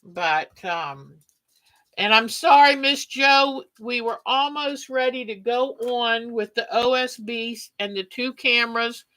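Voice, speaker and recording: Chatty woman, bright voice, slow pace. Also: a little high, rough recording. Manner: chatty, warm sign-offs, talks to viewers by name. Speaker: quilting livestream host. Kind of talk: casual livestream chat.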